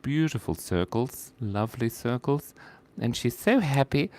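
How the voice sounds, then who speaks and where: Playful chatty man with a lively pitch. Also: measured pace. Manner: playful, chatty, reads viewer requests aloud. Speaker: live-stream artist. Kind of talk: casual live drawing chat.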